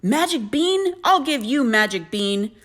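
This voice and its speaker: A sharp-tongued storybook mother with a high, shrill voice that scolds at full volume, as a woman puts her on. Her pitch leaps all over the place. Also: big pitch swings, moderate pace. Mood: furious.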